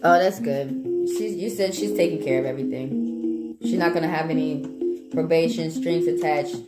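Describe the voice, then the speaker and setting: A woman, a live tarot reader chatting casually with viewers in a blunt, profane, animated way. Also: low-pitched, moderate pace. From Atlanta, Georgia, US South. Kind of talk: casual livestream chat with viewers. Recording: echoey room with background music.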